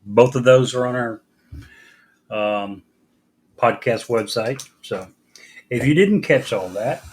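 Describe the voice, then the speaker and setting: Man, co-host, from Kentucky, soft-spoken, low-key, dry humor, casual chat. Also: slow. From Kentucky, USA. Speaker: podcast co-host.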